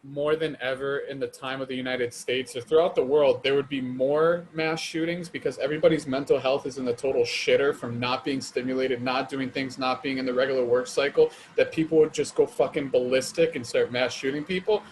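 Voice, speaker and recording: A man's voice: medium pitch, fairly even intonation, a little fast, hardly any pauses, slight background noise. A young man co-hosting a podcast in casual chat, rambling and swearing, with many restarts. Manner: rambling, profane, restarts a lot. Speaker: podcast co-host.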